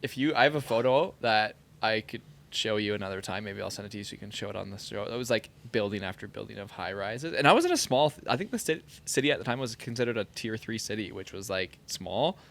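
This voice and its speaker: Sitting in a podcast studio, the former soccer pro keeps up a quick pace in a lowish, creaky voice. He's a lively storyteller, and his casual chat is packed with "like."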